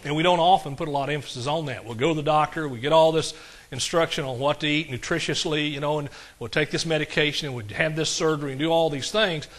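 A man with a drawl delivers a sermon in a folksy, conversational way, often turning to his congregation with quick asides. His voice is bright and sits slightly high. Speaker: pastor.

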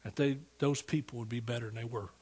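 A man's voice: medium pitch, fairly even intonation, quick pace, darkish tone, husky. A man, a pastor preaching a sermon in a folksy, storytelling way that rises to emphatic praise. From East Texas.

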